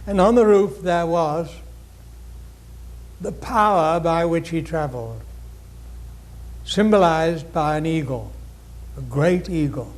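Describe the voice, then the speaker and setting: Man, spiritual lecture, slow and deliberate, gently formal, slightly high voice.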